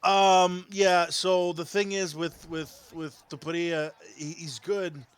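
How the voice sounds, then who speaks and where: A man's voice: fairly high pitch, level tone, slow pace, clear, resonant tone. A man co-commentating a video game fight, hesitant, restarting his sentences as he breaks down the matchup. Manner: hesitant, many fillers and restarts.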